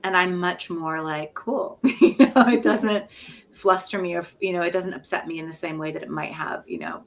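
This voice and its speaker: A woman's voice: lowish voice, fairly even intonation, normal speed, fairly bright tone. Candid, self-mocking woman talking about motherhood. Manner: reflective, frank, often laughing at herself. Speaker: interview guest, poet and professor. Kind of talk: candid conversational interview.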